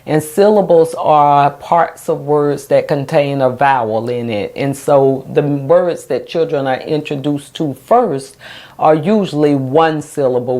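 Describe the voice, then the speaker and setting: A woman special education teacher explaining a reading lesson in a patient, steady way, stretching out example words. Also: extremely low pitch.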